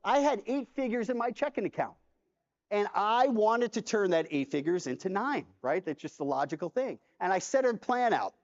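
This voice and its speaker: A man delivers a keynote in a big convention hall, spinning a personal story and playing every part of the dialogue himself. His voice sits high for a man. The sound is dull, and a long reverb trails off his words through the hall. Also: moderate pace. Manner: animated storyteller acting out dialogue. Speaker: conference keynote speaker.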